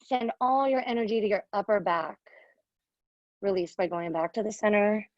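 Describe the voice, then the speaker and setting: A woman leading a yoga class, giving firm, steady cues with bits of encouragement. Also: medium pitch, normal speed, no echo, dull audio. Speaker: yoga instructor. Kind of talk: live class instruction.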